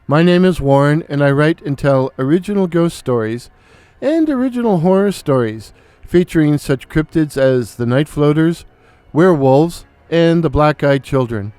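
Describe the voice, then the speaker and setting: Man, horror storyteller, high voice, slow and deliberate, theatrical, dry close recording, faint music behind. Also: lively intonation, warm tone, clear, resonant tone, dry recording. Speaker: storyteller, channel host. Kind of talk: dramatic horror story narration.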